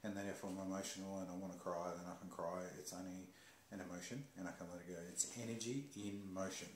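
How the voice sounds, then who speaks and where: A man calmly explaining ideas in a measured, teacher-like way during a casual talk. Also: deep voice, a little hiss or hum. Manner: calm, slow, explaining like a teacher. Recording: roomy echo.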